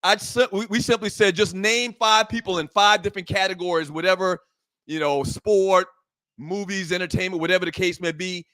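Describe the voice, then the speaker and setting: A man's voice: high voice, steady tone, normal speed, bright, forceful tone, no echo. A man co-hosting a sports talk podcast, casually ribbing his brother and laughing often. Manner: teasing, playful, laughs often. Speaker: podcast co-host.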